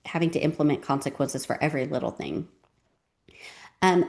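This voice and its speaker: A woman's voice: sits low, darkish tone. A woman giving parenting advice in a casual, conversational talk, often saying "um" and "you know.".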